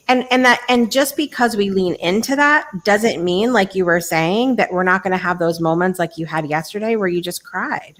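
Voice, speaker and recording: A woman's voice: medium pitch, normal speed, hardly any pauses. A woman hosting a casual chat show, talking in a reflective way with many restarts. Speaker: host.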